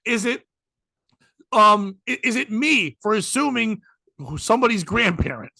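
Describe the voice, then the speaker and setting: A man's voice: sits high, animated, measured pace, creaky, dry recording. A man, a comedian hosting a podcast, telling a story with lots of swearing and acted-out quotes. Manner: acts out quotes with shouting, swearing, laughing.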